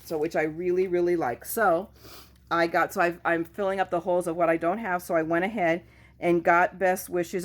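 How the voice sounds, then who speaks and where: A woman's voice: fairly low pitch, steady tone, moderate pace. A woman chatting casually at home in a craft haul video, goofy and self-mocking as she shows her finds. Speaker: craft vlogger.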